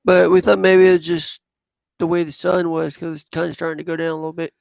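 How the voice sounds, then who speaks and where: Man, gravelly voice, dry close sound, halting storyteller. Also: on the high side, flat delivery, no echo. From southwest Missouri. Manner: rambling, halting, with many fillers. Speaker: vlogger. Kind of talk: personal storytelling.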